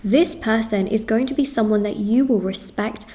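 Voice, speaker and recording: A woman's voice: a little high, mellow. A woman reading tarot cards for her viewers, talking in an earnest, reassuring way, repeating herself and running through lists. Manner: lists things in quick runs. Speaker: tarot reader.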